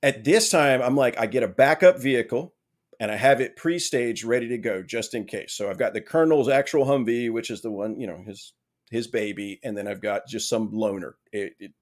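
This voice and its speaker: A man on a podcast telling a long anecdote in a casual way, with lively, self-mocking humor and frequent "right?" asides. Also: medium pitch, fairly quick. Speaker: podcast guest.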